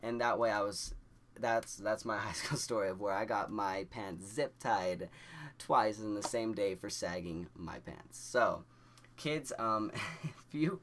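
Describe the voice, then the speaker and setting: A man's voice: fairly low pitch, a little slow. A young man telling a story to camera in a casual, rambling way, full of "like" fillers and restarts. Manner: animated, laughing through the story. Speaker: vlogger.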